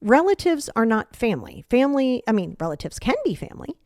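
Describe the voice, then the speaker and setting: A woman's voice: fairly high pitch, sing-song, a little fast, darkish tone, no echo, clean studio sound. A middle-aged woman hosting a solo podcast, giving blunt, emphatic tough-love advice about emotions as a coach.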